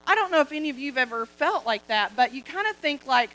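A woman speaking at church in a chatty, relaxed way with many fillers, reflecting on scripture. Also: high-pitched, quick pace, poor audio. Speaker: co-pastor, preacher's wife. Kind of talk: casual sermon talk.

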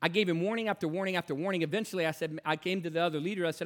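Male preacher, high-pitched, impassioned sermon storytelling, repeats phrases, loud to hushed. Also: steady tone, very fast.

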